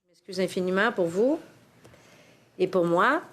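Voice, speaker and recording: A woman's voice: mid-range voice, expressive, normal speed. A woman chairing a formal committee hearing in a courteous, formal manner.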